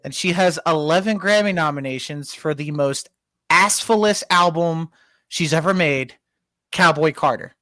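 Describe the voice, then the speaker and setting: A man hosting a casual podcast, teasing his co-host with deadpan news. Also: a little high, normal speed, no room sound. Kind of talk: casual comedic chat.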